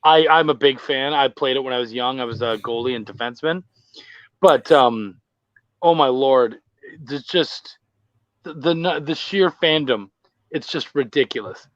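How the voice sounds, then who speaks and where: A man's voice: mid-range voice, measured pace, dry recording. A man hosting a podcast over a video call, chatting casually, telling stories and swearing freely. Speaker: podcast host. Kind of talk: casual chat. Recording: dull lo-fi, dry sound.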